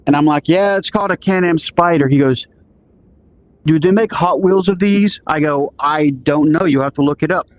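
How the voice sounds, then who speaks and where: Man, fairly high voice, casual storyteller, loose and rambling, acts out quotes. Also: normal speed. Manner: rambling, restarts often, acts out quoted dialogue.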